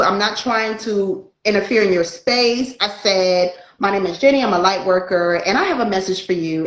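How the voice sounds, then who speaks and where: A woman's voice: medium pitch, roomy sound, poor audio. A woman, a spiritual light worker, telling a story in casual chat and acting out the dialogue. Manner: animated, acts out dialogue in her story.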